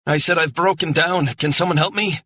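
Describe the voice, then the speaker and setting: A man's voice: on the low side, fairly quick, bright, forceful tone, slightly rough, no echo, pitched above the performer's own voice. A man voicing a young, educated Scottish woman who is stranded and apologetic, speaking in a pleading, earnest way. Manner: pleading, rising urgency, apologetic.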